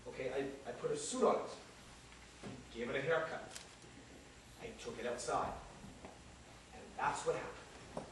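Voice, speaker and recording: An actor playing a restless, witty out-of-work New York man in a stage monologue, rambling and animated, mimicking passers-by. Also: medium pitch, close to an everyday voice. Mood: remorseful. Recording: echoey room from far off, noisy.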